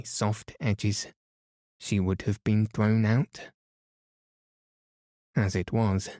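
A man's voice: fairly low pitch, dry recording, clean studio sound. A man reading a storybook aloud as a soothing bedtime narrator. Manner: soft, soothing, even.

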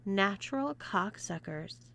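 A woman's voice: medium pitch, animated, takes it slowly, gravelly, fairly bright tone, full character voice. A woman voicing a blunt, crude young woman who taunts. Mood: taunting.

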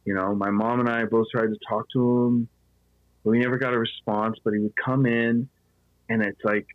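A man's voice: medium pitch, little pitch movement, normal speed, no room sound, phone-quality sound. A man casually telling a ghost story as a podcast guest, with lots of "you know" fillers.

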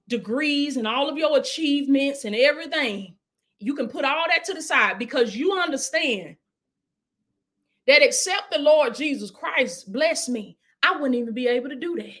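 Woman preacher with a high voice, casual sermon delivery that swings between urging and soft prayer. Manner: preaching with call-and-response, dropping to hushed prayer.

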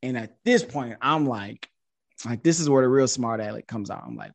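A man in his thirties, a podcast guest, telling a story in a casual, animated way and jumping up in pitch when he quotes himself. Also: moderate pace, no room sound. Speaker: podcast guest, social media influencer.

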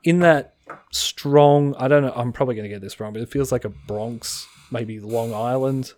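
A man co-hosting a podcast in casual chat, rambling quickly and laughing often. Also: mid-range voice, a little mellow, no echo. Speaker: podcast co-host.

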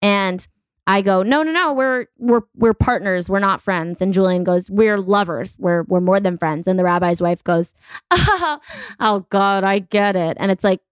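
A woman in her thirties hosting a podcast, talking in a blunt, profane, quick-joking way. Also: medium pitch, steady tone, smooth, no room sound. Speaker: podcast host. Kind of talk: casual podcast chat.

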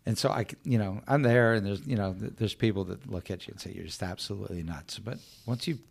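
Man, very low voice, husky, gravelly, halting casual talk. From Ohio, USA. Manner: relaxed, halting, repeats words. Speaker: podcast host. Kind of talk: casual chat.

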